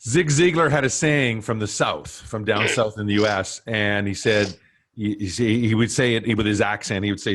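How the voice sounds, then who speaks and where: A man's voice: fairly low pitch, normal speed, a bit bright. A man hosting an interview, agreeing with his guest often and adding sayings of his own. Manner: affirming, chiming in with short agreements. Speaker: interview host. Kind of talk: conversational interview.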